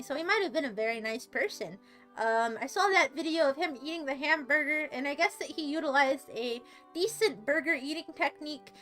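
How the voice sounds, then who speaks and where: A woman's voice: sits high, sharp tone. A woman livestreaming a game and chatting with viewers in a theatrical, self-mocking, giggly way. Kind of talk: casual livestream chat reading comments while gaming. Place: seated at a computer.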